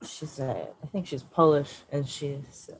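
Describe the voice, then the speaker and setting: A woman co-hosts a casual podcast with a remarkably deep voice. She talks slowly and in a measured, thoughtful way. Faint background noise sits under her speech. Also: low-quality recording. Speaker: podcast co-host. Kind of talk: casual chat.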